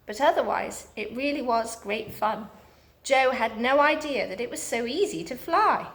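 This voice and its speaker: A woman reading a children's book aloud, steady and expressive. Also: a little high, moderate pace. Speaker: storybook reader.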